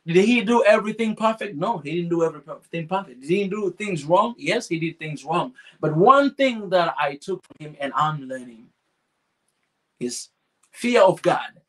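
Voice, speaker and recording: Fervent high-voiced man hosting a forum. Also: animated, moderate pace. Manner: fervent, repetitive, emphatic restarts. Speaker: podcast host. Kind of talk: passionate forum talk, reading audience questions.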